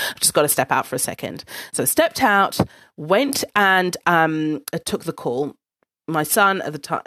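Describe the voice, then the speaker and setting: A woman telling a personal story in a casual, blunt monologue. She swears freely and speaks with an animated delivery. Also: low-pitched, no room sound, clean studio sound.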